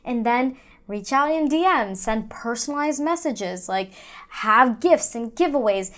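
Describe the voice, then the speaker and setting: A young woman talking as a podcast guest in casual interview chat, energetic and persuasive, like a quick pitch. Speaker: podcast guest, fitness entrepreneur.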